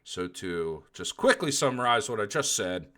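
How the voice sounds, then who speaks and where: Bright, smooth-voiced male podcast co-host. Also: fairly low pitch, big pitch swings, moderate pace. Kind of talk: casual sports podcast chat.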